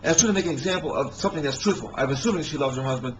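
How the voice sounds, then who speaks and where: A man telling rambling personal stories in a halting way, with many restarts and fillers. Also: on the high side, slight background noise, low-quality recording.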